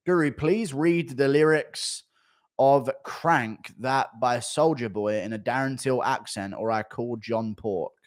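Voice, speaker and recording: A man's voice: medium pitch, unhurried. Male streamer, casual and crude, swears a lot, laughs often. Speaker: streamer reading donations. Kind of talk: casual livestream chat.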